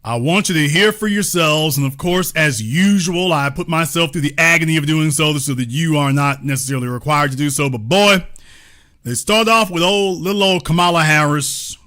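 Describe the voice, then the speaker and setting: A man's voice: a little high, moderate pace, bright, forceful tone. A man hosting a political commentary show, speaking in a grandiose, sarcastic, preacher-like manner. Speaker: host.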